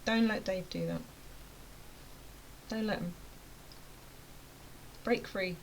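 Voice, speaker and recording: A woman's voice: mid-range voice, fairly even intonation, slow pace, a little hiss or hum, low-quality recording. A woman running a motivational rant to camera, chatty and emphatic, sometimes dropping to a near-whisper. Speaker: vlogger and web design coach.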